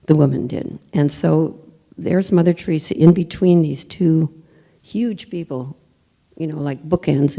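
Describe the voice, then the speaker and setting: A woman's voice: low-pitched, creaky, warm tone, slightly rough. A woman telling a personal story in a church talk, candid and emphatic, often searching for words. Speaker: speaker.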